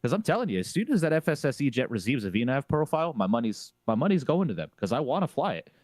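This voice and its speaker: In a dry recording with no room sound, this man's mid-range voice swings widely in pitch at a quick pace, with a darkish tone. As a flight sim streamer on a panel, he argues emphatically and opinionatedly, repeating phrases for emphasis.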